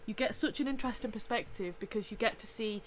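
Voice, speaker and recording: A woman's voice: fairly high pitch, fast, slight background noise. A woman artist in casual chat who agrees readily and rephrases her points as she talks.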